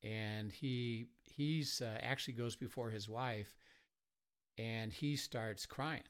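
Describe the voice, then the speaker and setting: A man who leads a marriage ministry, telling a story in an interview, softly and with many pauses and fillers. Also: mid-range voice. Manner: soft-spoken, many fillers, acts out quotes.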